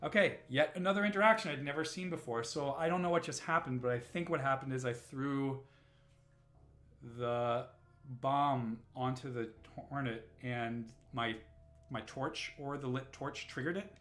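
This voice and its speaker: A man's voice: mid-range voice, moderate pace, a bit bright. Rambling man streaming a game. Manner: rambling, self-interrupting, says "right?" often. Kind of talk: casual live-stream commentary. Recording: roomy echo, faint music.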